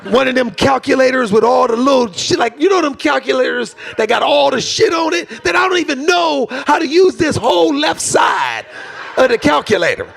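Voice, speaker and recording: A man's voice: extremely high pitch, sing-song, normal speed, gravelly, a bit bright, shouting. A man doing a stand-up set, ranting in exasperation about his kids and their phones. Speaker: stand-up comedian. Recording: live club set with audience laughter.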